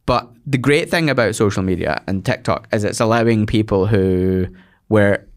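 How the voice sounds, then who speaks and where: A Scottish man, a guest comedian, telling stories in casual chat with lots of quick restarts. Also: fairly low pitch. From Scotland. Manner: rambling storyteller with quick restarts.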